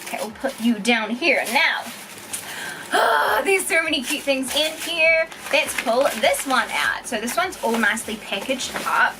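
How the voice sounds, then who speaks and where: A young woman, unboxing products in an excited, giggly vlog, exclaiming over each item. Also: high-pitched, a little slow, background noise. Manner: gushing, giggly, keeps exclaiming.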